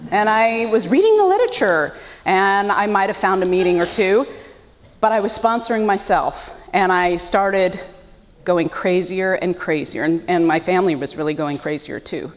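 A woman's voice: medium pitch, animated, normal speed, long reverb tail. A woman giving an earnest, emotional personal testimony to a support group, her voice breaking with feeling. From United States. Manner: earnest, emotional, with self-deprecating laughs. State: choked up. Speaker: speaker sharing her story at a support meeting.

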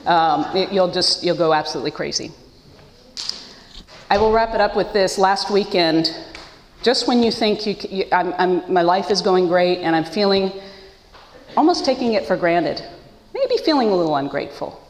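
A woman's voice: fairly low pitch, expressive, normal speed, slight background noise. Earnest woman sharing her story in an echoey hall. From United States. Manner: earnest, emotional, with self-deprecating laughs. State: choked up. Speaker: speaker sharing her story at a support meeting. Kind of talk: personal testimony.

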